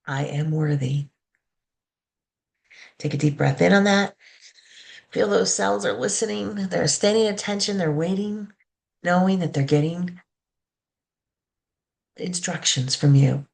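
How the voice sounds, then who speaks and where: A woman reverend giving a sermon, calmly leading the congregation through affirmations and a guided meditation. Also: on the low side, vocal fry. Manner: slow, calm, leads call-and-response affirmations.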